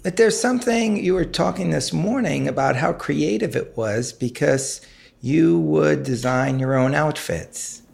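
A man's voice: on the high side, unhurried, vocal fry, darkish tone. A man hosting an interview, asking curious, probing questions. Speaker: host. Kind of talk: interview conversation.

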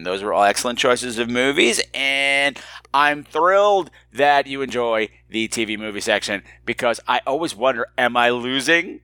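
A man's voice: medium pitch, animated, moderate pace, bright, forceful tone, no echo. A man hosting a solo podcast, talking in a campy, flirty, self-mocking way and reading listener emails. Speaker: podcast host. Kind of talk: casual solo podcast chat.

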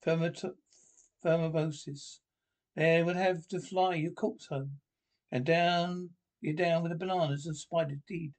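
An actor with a Scottish accent playing a cantankerous old pensioner who trades blunt, gruff banter with his pals in a sitcom. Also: on the high side, fairly even intonation, measured pace, natural voice. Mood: grumbling. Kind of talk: sitcom acting.

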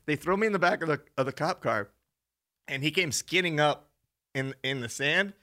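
A young adult man on a podcast, telling a story in casual chat, animated, laughing often and swearing freely. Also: fairly high pitch, normal speed. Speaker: podcast co-host.

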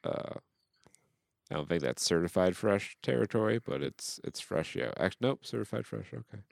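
A man's voice: fairly low pitch, expressive, moderate pace, gravelly, no room sound, clean studio sound. A man hosting a podcast in casual chat, joking and reading reviews aloud with dramatic flair. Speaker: podcast host.

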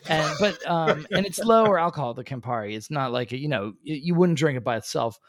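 A man's voice: on the high side, animated, fairly quick, a crowd in the background. A man co-hosting a casual podcast, explaining things at length in a chatty way with many fillers. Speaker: podcast co-host.

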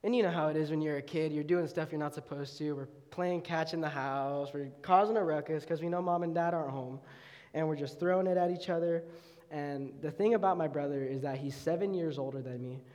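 A young man, an intern, preaching a youth sermon with an animated, laughing personal story. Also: a little high, fairly quick. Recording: long hall reverb.

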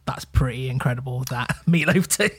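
A man co-hosting a music podcast with a hoarse, croaking voice, chatting in a sweary, self-deprecating, laid-back way. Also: mid-range voice, normal speed. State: hoarse from screaming at a concert. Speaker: podcast co-host. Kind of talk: casual chat.

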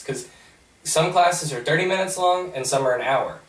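A young man on a podcast, retelling a story in a rambling, animated way. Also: a little high, moderate pace. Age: young adult. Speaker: podcast host. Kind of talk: casual storytelling. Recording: roomy, mic at a distance.

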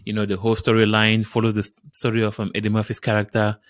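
A man's voice: fairly low pitch, completely flat delivery, fast, no room sound, clean studio sound. A man with a French accent co-hosting a casual podcast, easygoing and upbeat. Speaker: podcast co-host.

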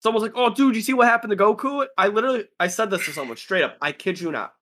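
A man's voice: high-pitched, fast, fairly bright tone. A man chatting casually about anime in a laid-back, rambling way, acting out what friends said.

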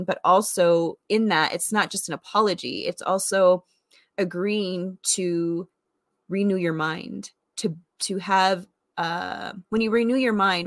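A woman's voice: lowish voice, gravelly, a bit bright, dry recording. Woman, forties, personal faith testimony, earnest, conversational, many fillers, dry close sound. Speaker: vlogger sharing faith testimony.

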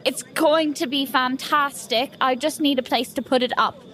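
A woman's voice: high voice, steady tone, moderate pace, a bit bright. A woman voicing a hurt, defensive young Regency playwright in a tabletop role-play. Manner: defensive and aggrieved.

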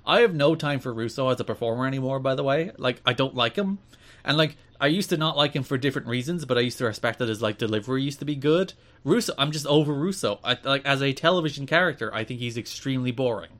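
A man co-hosting a podcast, recapping and joking in loose, unfiltered chat. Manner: talks fast and unfiltered, drops into low, flat asides. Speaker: podcast co-host. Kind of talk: casual wrestling recap chat.

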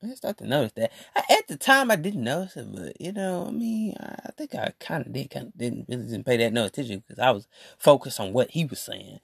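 A man's voice: mid-range voice, big pitch swings, a little fast, vocal fry, fairly bright tone, husky, dry recording, clean studio sound. A man hosting a podcast, telling a story to his listeners in a rambling, slang-filled casual monologue. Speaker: podcast host.

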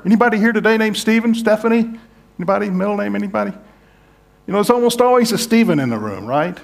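A man's voice: sits high, animated, fast talker, gravelly. Earnest male pastor preaching a sermon. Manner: earnest, shifts from hushed to emphatic. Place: church sanctuary.

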